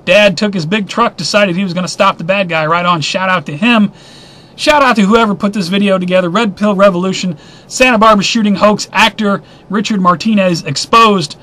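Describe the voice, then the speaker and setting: A man's voice: high-pitched, a little fast, sharp tone. A man hosting a weekly news roundup, reading headlines in a casual, offhand way with wry asides and stumbles over names.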